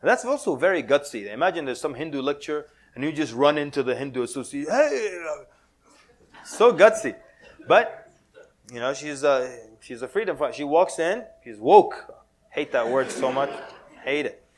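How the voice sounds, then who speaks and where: A man giving a lively, joking talk to an audience at a mosque, mixing in Arabic words and acting out quotes. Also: medium pitch, normal speed. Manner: animated, playful, drops Arabic words, laughs often. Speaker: Muslim speaker giving a talk.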